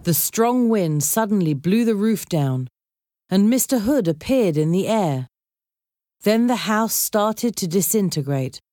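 A woman reading a children's storybook aloud in a clear, measured storytelling voice. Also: mid-range voice, expressive, dark tone. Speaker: narrator.

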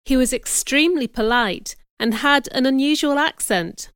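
A woman narrating a novel as an audiobook, measured and clear. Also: sits high, fairly bright tone, dry recording. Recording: dry, close studio recording.

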